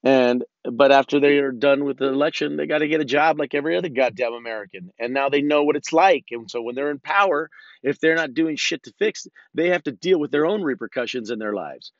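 A man's voice: medium pitch, fairly quick, no echo. A man hosting a solo podcast, rambling and swearing, with lots of false starts and flashes of political ranting. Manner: rambling and profane, with frequent restarts. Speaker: podcast host. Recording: dull, dry lo-fi recording.

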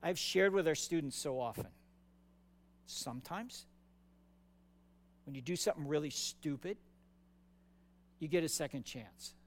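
A man's voice: on the high side, animated, a little slow, pauses often. A man preaching a sermon as pastor, conversational and emphatic, often repeating words for stress.

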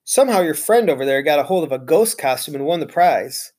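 A reader voicing a firm but kind woman teacher who speaks in a measured, steady way in a storybook read aloud. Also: medium pitch, close to an everyday voice. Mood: dry.

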